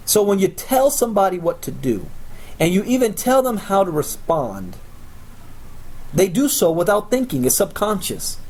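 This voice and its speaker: A man with a slightly high voice runs a sales training session. He is blunt and confrontational, boasting about his methods and lecturing his listeners. He swings from steady instruction into mocking, scornful jabs. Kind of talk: recorded motivational training talk.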